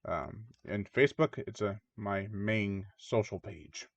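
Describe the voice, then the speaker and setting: A man's voice: fairly low pitch, slow, gravelly, no room sound. A man hosting his own channel, giving a rambling, casual spoken review of a film and often mimicking the characters. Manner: rambling, chatty, mock voices for characters. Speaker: movie reviewer, channel host. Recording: dull lo-fi dry recording.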